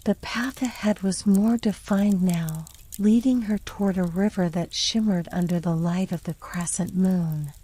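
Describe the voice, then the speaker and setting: A woman reads a bedtime story in a soft, airy whisper, drawn out and very slow. Her tone is dark and mellow, meant to lull the listener to sleep. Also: fairly low pitch, poor audio. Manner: slow and soothing.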